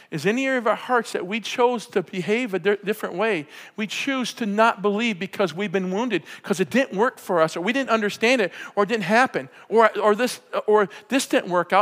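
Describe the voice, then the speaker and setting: A man preaching a sermon, fervent and often yelling with excitement. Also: high-pitched. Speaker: pastor. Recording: preacher in a hall with long reverb.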